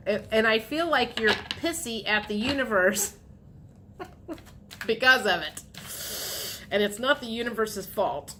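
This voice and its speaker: A woman with a mid-range voice gives her viewers a casual tarot reading, chatty and repetitive, sometimes acting out what the listener might say. There's noise in the background.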